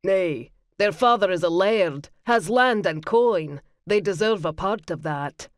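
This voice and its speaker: A woman voicing a gruff, protective Highland man in an audiobook, speaking firmly in a lowered voice. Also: expressive, measured pace, no echo, clean studio sound. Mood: insistent. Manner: firm, insistent, lowered voice. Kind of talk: audiobook character voice.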